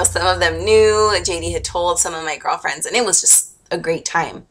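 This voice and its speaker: A woman's voice: deep voice, steady tone, moderate pace, hardly any pauses, a bit bright. A young woman vlogger telling a personal story in a gushing, emotional, chatty way with lots of fillers. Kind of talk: casual storytelling to camera.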